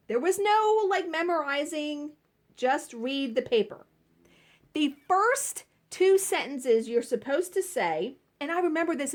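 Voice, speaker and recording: A woman vlogging casually while she cross stitches at home, telling stories and laughing at herself. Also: a little high. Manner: chatty storytelling, laughing at herself.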